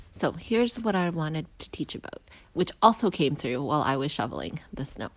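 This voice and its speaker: Low-voiced woman teaching in a reflective tone. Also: sing-song. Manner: reflective, pausing, with restarts and hushed asides. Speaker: healing practitioner teaching a daily lesson. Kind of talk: casual spoken teaching while walking. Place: outdoors, walking to school.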